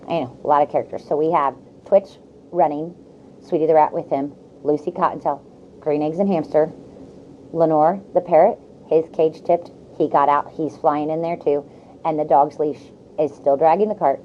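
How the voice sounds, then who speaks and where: A woman teacher reading a children's chapter book aloud to her class, slowly and gently, with casual asides to recap the plot. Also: low voice, dull audio, a little hiss or hum.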